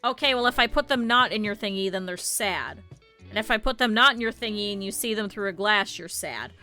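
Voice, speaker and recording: Woman, streamer, casual chat, blunt, swears freely, bright tone, quiet guitar music underneath. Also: medium pitch, a little fast. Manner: blunt, swears freely, animated quoted asides.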